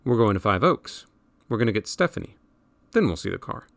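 A man's voice: lowish voice, very animated, brisk, vocal fry, no room sound. A man voicing a worldly, lecturing teenage older brother who explains everything in a slightly raised, dry-recorded voice. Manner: bossy, explaining.

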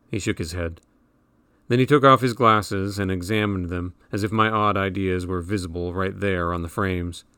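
Low-voiced male audiobook narrator. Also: a bit bright, smooth, dry recording.

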